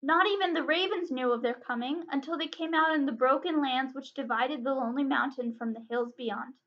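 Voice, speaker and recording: A woman librarian reading a chapter book aloud in an expressive, dramatic way. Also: high voice, fairly quick. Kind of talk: storybook read-aloud. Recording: dull lo-fi recording.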